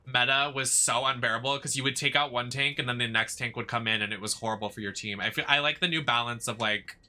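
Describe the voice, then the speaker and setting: A man giving casual commentary on a video game, chatty and campy as he rambles along with plenty of fillers. His voice is very bright and sharp-edged and sits at a middle pitch. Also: fairly even intonation, quick pace. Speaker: gaming streamer and drag performer.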